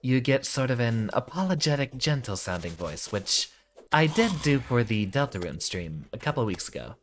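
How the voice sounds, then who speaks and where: A very animated man on a stream casually explains voice technique at a moderate pace. His deep voice comes from the back of his throat, with a melodic cadence that drops at the ends of sentences, and there's slight background noise.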